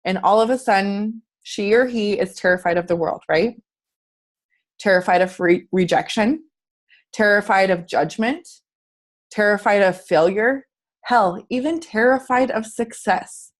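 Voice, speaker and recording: A woman's voice: mid-range voice, measured pace. A woman fitness coach giving an earnest, chatty motivational talk on a group video call, asking her listeners questions.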